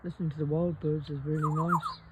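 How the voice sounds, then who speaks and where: A woman's voice: deep voice, little pitch movement, fairly quick. A woman chatting casually to her pet parrots in a garden, in a coaxing, sing-song pet-talk manner. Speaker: parrot owner and vlogger. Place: outdoors in a garden. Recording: loud birdsong and traffic outdoors.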